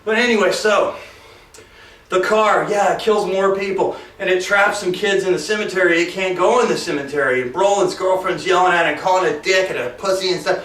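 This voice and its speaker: A man's voice: high voice, brisk, a bit bright. A man reviewing a movie in a rambling, jokey, sarcastic way, drifting into asides and mocking the characters. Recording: roomy echo, mic far off.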